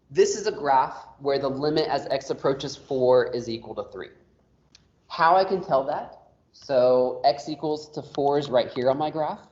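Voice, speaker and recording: A man's voice: mid-range voice, a little mellow. A man teaching an online math class, explaining casually with lots of fillers. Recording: roomy, dull lo-fi audio.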